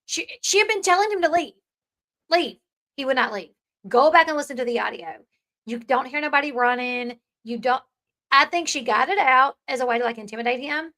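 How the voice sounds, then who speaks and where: Bright high-voiced woman commentator. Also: fairly quick. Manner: chatty, rambling, many fillers. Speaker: commentary channel host. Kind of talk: opinionated commentary.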